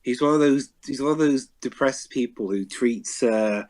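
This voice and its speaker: A man co-hosting a casual movie commentary, dropping halting bits of trivia. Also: mid-range voice, darkish tone. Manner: halting, trivia-sharing asides. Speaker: podcast co-host.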